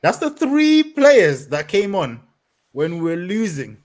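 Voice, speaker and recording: A man's voice: high-pitched, slow. A young man co-hosting a football podcast, ranting in slang, laughing often and talking at length. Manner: animated, laughing, street slang, rants at length. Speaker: podcast co-host. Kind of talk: casual football podcast rant.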